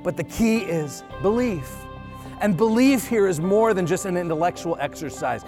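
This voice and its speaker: A pastor preaching a sermon, building intensity through repeated phrases and dropping low for emphasis. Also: male voice, animated, normal speed, over music. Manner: preaching with rising intensity and repetition.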